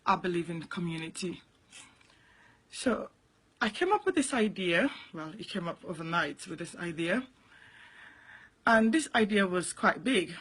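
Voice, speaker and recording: Earnest husky African woman. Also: mid-range voice. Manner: earnest and emphatic, repeats key points. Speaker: award founder. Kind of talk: talking to camera about her award.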